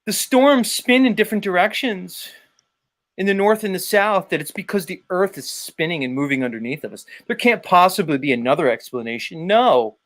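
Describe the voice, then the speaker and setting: A man's voice: sits high, animated, moderate pace, a bit bright. A man hosting a live stream, ranting and taunting a rival with profanity. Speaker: livestream host. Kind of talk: ranting commentary.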